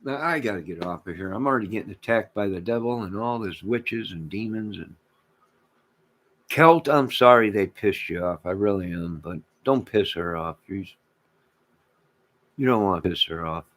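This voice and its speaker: A man hosting his own channel, delivering a rambling rant to camera, emphatic and repetitive, swinging between loud declarations and muttered asides. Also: on the low side, animated, moderate pace. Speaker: channel host.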